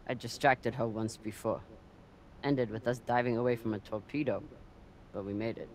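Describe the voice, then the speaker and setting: A man's voice: mid-range voice, steady tone, normal speed, lightly acted. An actor voicing a dry, sardonic male crew member in a video game.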